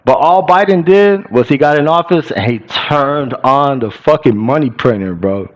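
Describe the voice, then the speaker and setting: A young man at an ordinary mid pitch holds forth on markets in a loose, slangy way. He swears constantly and talks with blunt, animated conviction, as if chatting with friends. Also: moderate pace, muffled recording. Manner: profane, blunt and animated, slangy with "bro" and "y'all". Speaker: crypto channel host. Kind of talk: casual market commentary to viewers.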